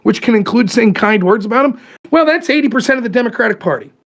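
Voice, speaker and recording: A man's voice: very high-pitched, animated, fast, fairly bright tone. A man hosting a podcast, ranting animatedly about politics in casual, profane talk. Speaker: podcast host.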